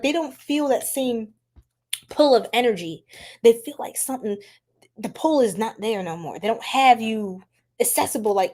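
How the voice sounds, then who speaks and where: A young woman hosting a casual tarot-reading livestream, chatty and quick to laugh, talking straight to her chat. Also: high-pitched, a little mellow, slight background noise. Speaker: tarot reader, livestream host.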